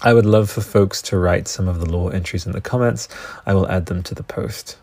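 Gravelly low-voiced Australian man. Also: a little fast, dry recording. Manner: profane, excitable, goes off on tangents. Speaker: podcast host. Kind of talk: casual solo podcast rambling.

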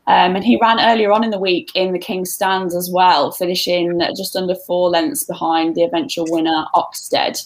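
A woman's voice: lowish voice, little pitch movement, normal speed, hardly any pauses, low-quality recording. A woman with a Birmingham accent hosting a racing podcast, chatting in a friendly way and reading out runners and odds. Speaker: podcast host.

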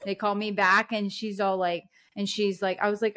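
A woman's voice: medium pitch, moderate pace. A young woman co-hosting a podcast, telling stories in casual chat with many fillers. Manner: chatty, animated storytelling with many "like" fillers. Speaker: podcast co-host.

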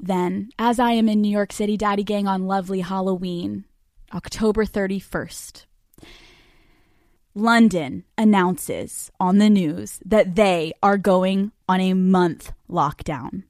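A woman's voice: medium pitch, fairly even intonation, takes it slowly, darkish tone, dry recording, studio quality. A woman, hosting a podcast, telling stories in a brash, profane, self-mocking way. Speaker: podcast host. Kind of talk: casual comic monologue. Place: hotel room. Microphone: studio microphone.

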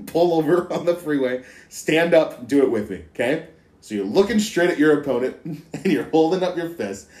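A male podcast host with a lively, swooping voice, joking around in casual chat. He keeps things animated and playful. The room gives his voice an echoey ring. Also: fairly high pitch, normal speed. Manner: animated, jokey, slips into voices. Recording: roomy echo.

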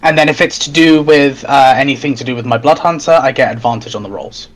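A man's voice: mid-range voice, fast. A man playing a tabletop game, chatting eagerly about his character. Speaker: player. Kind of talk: casual tabletop game chat.

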